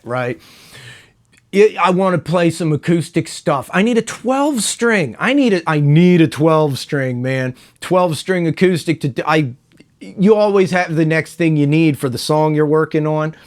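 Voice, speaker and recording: A middle-aged man hosting a home guitar vlog, talking loosely and meandering, tossing in "man" and "right?". His voice sits a bit higher than most men's. He sounds relaxed and chatty, speaking straight to the camera. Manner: laid-back, rambling, says "man" and "right?" often. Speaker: YouTube guitar channel host. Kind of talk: casual rambling vlog to camera. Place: home room with a wall of guitars.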